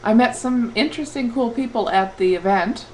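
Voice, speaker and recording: A woman's voice: on the high side, moderate pace, a little mellow, a little hiss or hum, rough recording. A middle-aged woman talking casually to her camera in a vlog, upbeat and rambling with lots of fillers. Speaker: vlogger.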